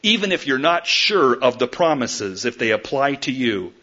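A man preaching a sermon, emphatic, swinging between loud declarations and quiet asides and calling his listeners folks. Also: mid-range voice, very animated, normal speed, husky. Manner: addresses the listeners directly as folks. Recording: dull lo-fi recording.

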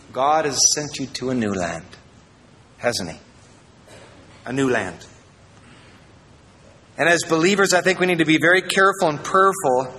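A pastor from Iowa preaching a sermon, reading verses and adding jokey asides, swinging between loud and quiet. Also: male voice, mid-range voice, in a large hall, poor audio.

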